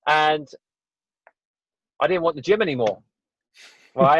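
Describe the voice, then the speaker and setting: This English podcast guest speaks unhurriedly in a voice on the high side, pausing often as he earnestly rambles through a personal story in a casual interview. He keeps saying "you know" and "right?". The podcast audio is dull and dry, with no room sound.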